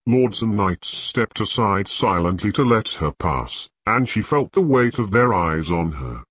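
Slow husky male audiobook narrator. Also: fairly low pitch, very animated, fairly bright tone, no echo. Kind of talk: scripted narration of a fantasy novel.

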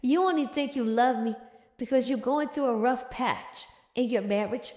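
A woman voicing a smug, manipulative male duke with a lowered voice. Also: moderate pace, warm tone, lo-fi sound, lightly acted. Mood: dismissive. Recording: roomy echo.

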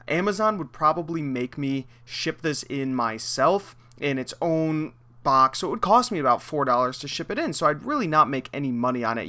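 Chatty young reseller man, slightly high. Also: pushed and bright. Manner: chatty, explaining deals step by step. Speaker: thrift reseller vlogger. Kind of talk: casual vlog voiceover.

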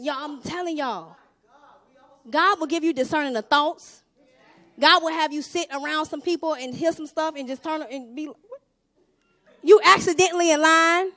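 A young woman preaching a sermon with a Southern US accent, swinging between hushed asides and loud exhortation. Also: high-pitched, no room sound.

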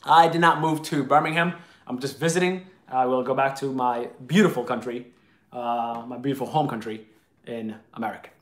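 A man's voice: medium pitch, steady tone, moderate pace, a bit bright, roomy sound. A man hosting a live video chat, answering viewer comments in an opinionated, argumentative way.

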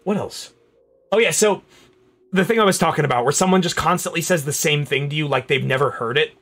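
A young man on a casual gaming stream, telling stories and reacting with swearing, shouts and laughter. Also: on the high side, a little fast. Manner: animated, profane, bursts into shouts and laughter.

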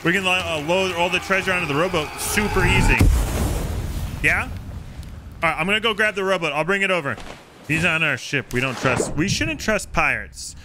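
A man's voice: high-pitched, a little fast, long pauses. A man streaming a game, chatting casually and teasing the other players. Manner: playful, teasing. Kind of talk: casual gameplay chat. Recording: game stream with clear background noise.

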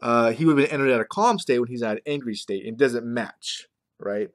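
A man vlogs about marketing in a casual talking-head monologue, his mid-range voice moving fairly quickly. He rambles conversationally and keeps checking in with "right?"

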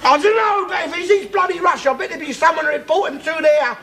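A blustering bigoted dad. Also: male voice, very high-pitched, fast talker, heavily acted. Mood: bellowing. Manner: blustering, loud, swearing tirades. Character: bigoted middle-aged working-class London father, ranting. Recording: noisy old TV sitcom soundtrack.

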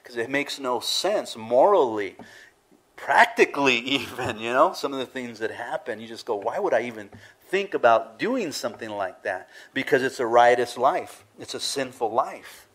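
A man's voice: medium pitch, lively intonation, normal speed, a bit bright, husky. A male pastor, preaching a casual, conversational sermon full of laughs and acted-out asides.

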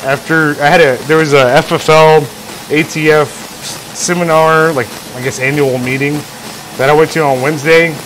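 Man on a workshop livestream, casual, rambling and jokey, a bit high-pitched, faint hum behind. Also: steady tone, moderate pace, a bit bright, poor audio. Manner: rambling, jokey, acts out imagined scenes. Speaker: livestream host, engraver.

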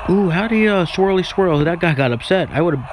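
Over a noisy background of barking dogs at home, a man with a high, animated voice talks a little fast. He rambles goofily through live play of a mobile racing game, cheering at the screen and joking between races.

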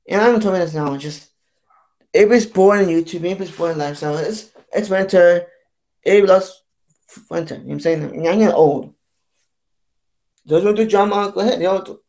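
A man vlogging a rambling, profane rant, halting and repetitive, with frequent restarts and stammers. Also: sits high, gravelly, darkish tone. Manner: profane, repetitive, keeps saying "you know what I'm saying". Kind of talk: rambling ranting monologue.

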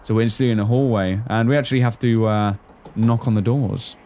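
A man's voice: lowish voice, steady tone, a little fast, mellow. A young man giving casual, jokey let's-play commentary as a gaming channel host, reading on-screen lines aloud.

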